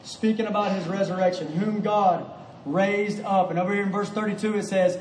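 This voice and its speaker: A man's voice: high voice, fairly quick, darkish tone, reverberant, recorded from a distance, a little hiss or hum, low-quality recording. A man preaching a sermon in a church, emphatic and full of rhetorical questions. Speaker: pastor. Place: church sanctuary.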